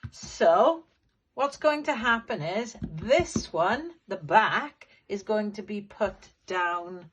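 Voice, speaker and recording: A woman's voice: mid-range voice, lively intonation, takes it slowly, breathy edge, lo-fi sound. A middle-aged woman giving a patient, step-by-step sewing demonstration as a quilting teacher. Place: sewing room at a machine.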